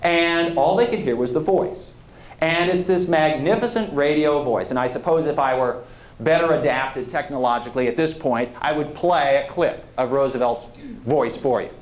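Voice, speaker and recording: A man's voice: fairly high pitch, normal speed. A man giving a public lecture as a historian, talking in a conversational, digressive way and putting questions to the audience. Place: lecture hall. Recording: echoey lecture hall.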